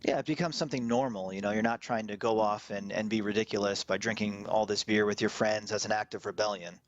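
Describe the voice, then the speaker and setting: A man guesting on a radio show as an author, explaining his points calmly. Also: on the low side, fast talker, no room sound, muffled recording. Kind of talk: radio interview.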